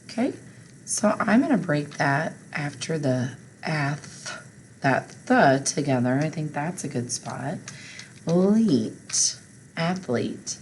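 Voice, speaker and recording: Slow, patient low-voiced woman teacher. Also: lively intonation, a little hiss or hum, low-quality recording. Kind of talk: phonics spelling lesson for children.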